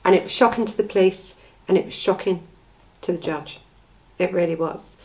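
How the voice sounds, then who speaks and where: A woman's voice: on the low side, normal speed, a little mellow, rough recording. Woman commentator, blunt and indignant, talking straight at the audience. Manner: indignant, blunt, rhetorical questions. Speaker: true crime commentator. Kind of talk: impassioned commentary on a case.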